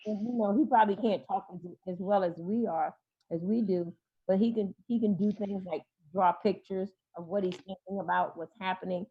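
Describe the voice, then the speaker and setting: A woman therapist speaking as a guest in an interview, talking with frequent fillers, pauses and restarts. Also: mid-range voice, husky, phone-quality sound. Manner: hesitant, many fillers and restarts. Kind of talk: interview talk.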